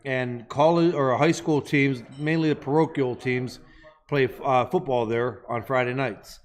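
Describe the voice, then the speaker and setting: A man's voice: mid-range voice, fairly even intonation, a little slow. A man co-hosting a podcast, telling a rambling, profane story in casual chat. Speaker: podcast co-host.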